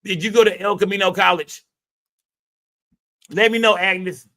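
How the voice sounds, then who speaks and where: A man's voice: sits high, steady tone, a little slow, sharp tone. A man hosting a live stream, talking in a loose, rambling and profane way, full of filler tags. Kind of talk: casual live stream commentary.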